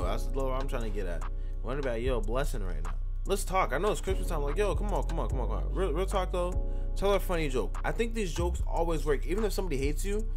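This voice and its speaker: A man hosting a casual let's-play, joking, swearing and talking back at the characters on screen. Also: medium pitch. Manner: animated, joking, profane, talks to the game characters. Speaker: gaming channel host.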